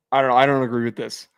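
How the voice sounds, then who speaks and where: A young adult man co-hosting a casual sports podcast, animated and quick to laugh and swear. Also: mid-range voice, smooth. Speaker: podcast co-host. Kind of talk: casual chat.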